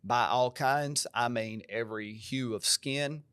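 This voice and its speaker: A man's voice: medium pitch, measured pace, fairly bright tone, clear, resonant tone, no room sound, studio quality. A male pastor with an American country twang, talking earnestly and emphatically on a podcast in a preacher-like way. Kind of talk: podcast conversation.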